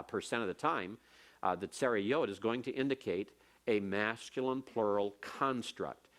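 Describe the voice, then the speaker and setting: In a classroom lecture, a man teaches Hebrew grammar, explaining patiently step by step and repeating key points. His voice is medium-pitched with a fairly bright tone.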